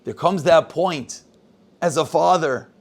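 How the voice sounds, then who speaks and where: A man's voice: fairly high pitch, slow, gravelly. A man giving a sermon as a rabbi, telling a story and quoting its people with rising intensity. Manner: animated storyteller, voices quotes with rising intensity.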